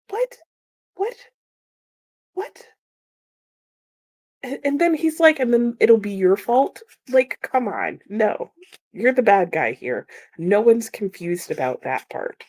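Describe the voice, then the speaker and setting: A woman hosts a casual book chat in an animated, emphatic way. She talks in a loose, chatty manner, full of "like" and quick laughs. Her voice sits at a middle pitch for a woman. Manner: animated and emphatic, with repeated exclamations. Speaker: book livestream host.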